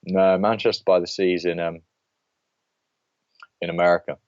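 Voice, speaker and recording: A man's voice: low-pitched, level tone, moderate pace, smooth, dry recording. A man co-hosting a podcast, giving an opinionated film review in casual chat and ranting with many restarts. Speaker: podcast co-host. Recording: dull lo-fi podcast audio.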